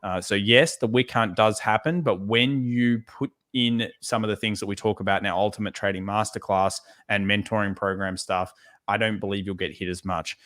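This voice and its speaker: A man co-hosting a live trading show, talking through charts in a relaxed way and repeating words for emphasis. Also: on the low side, normal speed. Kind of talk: live market analysis chat.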